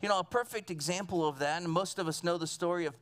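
A man's voice: sits high, fast talker. A man preaching a sermon as pastor to his church congregation, earnest and at times building to emphatic fervor. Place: church sanctuary.

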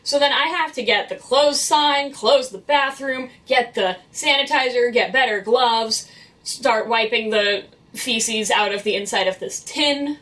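A woman's voice: a little high, measured pace, fairly bright tone, distant mic. A young woman, a vlogger who works in public cleaning, venting about her job in a blunt, exasperated and profane way. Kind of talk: venting storytime vlog.

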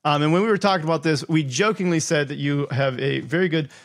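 A man's voice: on the high side, quick pace. A man hosting a podcast interview, chatty and friendly, laughing easily as he tells a story. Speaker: podcast host.

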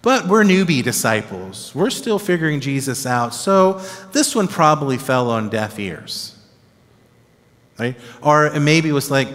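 A man teaching the Bible as a pastor, animated and conversational, often checking in with his listeners. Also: fairly high pitch, measured pace. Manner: animated, conversational, acts out disciples' reactions with tag questions. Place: church. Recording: long reverb of a church hall.

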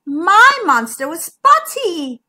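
A woman's voice: animated, slow, pushed and bright, heavily acted. Woman voicing a squealing little zebra girl. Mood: insistent. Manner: squealing, high and breathless. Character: young female zebra, excitable and whiny.

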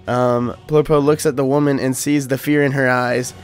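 A man's voice: mid-range voice, flat delivery, moderate pace, faint music behind. A young man casually reading an AI-written adventure story aloud with a co-host, cracking jokes and giggling. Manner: jokey, giggly, reads story text aloud with asides.

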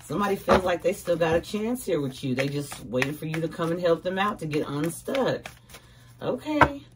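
A woman's voice: lowish voice, animated, moderate pace. A woman giving a casual tarot reading to her viewers, chatty and slangy, breaking into sing-song exclamations. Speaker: tarot card reader. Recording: distant mic with clear background noise.

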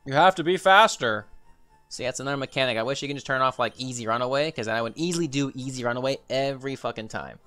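A man's voice: medium pitch, quick pace, fairly bright tone, no room sound, faint music behind. A young man streaming a video game, reacting with frustrated outbursts, swearing and repeated exclamations as things go wrong. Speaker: gaming streamer. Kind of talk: reactive gameplay commentary.

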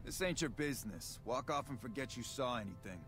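Gruff game thug. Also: male voice, medium pitch, lively intonation, a little fast, a bit bright. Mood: threatening. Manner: threatening, blunt. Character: gruff male thug guarding a room. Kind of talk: video game dialogue.

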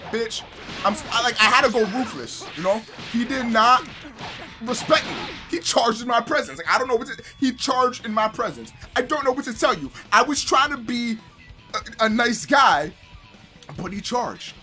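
A young man giving loud, trash-talking commentary over his own online matches, shouting at opponents and explaining his character build. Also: extremely high pitch, lively intonation, normal speed, music in the background. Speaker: gaming YouTuber. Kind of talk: hyped gameplay commentary.

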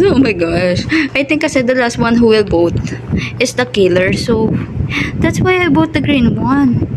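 A Filipino woman giving excitable live commentary while she plays a game, mixing English and Tagalog. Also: medium pitch, very noisy. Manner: excitable, exclaims often, switches between English and Tagalog. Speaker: game streamer.

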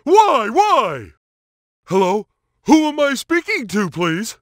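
An actor playing a dim, cheerful cartoon starfish who plays at being a superhero, with a goofy, childlike and emphatic way of talking. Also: male voice, very high-pitched, huge pitch swings, slow pace, no room sound, clean studio sound, heavily acted. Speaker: video game character. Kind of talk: cartoon game voice clips.

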